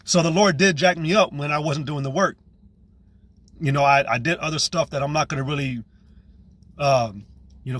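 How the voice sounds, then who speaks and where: Earnest man giving a halting testimony. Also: mid-range voice, a bit bright, no room sound. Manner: earnest, halting, with frequent restarts and slang. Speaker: believer giving religious testimony. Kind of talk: personal religious testimony, casual.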